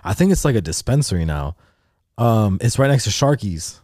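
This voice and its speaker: Young male co-host, casual storyteller, profane, lively, dry close mic. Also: on the low side, normal speed, no echo. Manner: animated, profane, acts out quotes. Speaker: podcast co-host.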